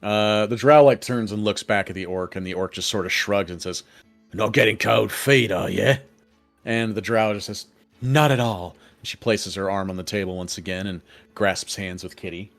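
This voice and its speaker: A man narrating a tabletop game as game master, in a relaxed manner with frequent fillers and restarts. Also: low-pitched, faint music behind. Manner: relaxed, halting with many fillers.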